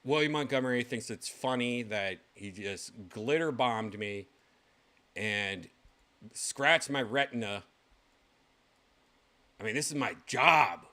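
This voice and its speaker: A man hosting his own show, reacting to clips in casual livestream commentary, excitable and swearing freely with loud exclamations. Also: medium pitch, slow pace, pauses often. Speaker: show host.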